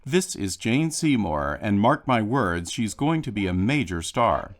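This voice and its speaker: A man with a lowish voice narrates a prepared film commentary. He tells backstage anecdotes at a measured pace and gives the quoted lines a little voice of their own. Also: sing-song. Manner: measured storytelling, lightly acting out quotes. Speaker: film historian giving audio commentary. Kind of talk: scripted commentary reading.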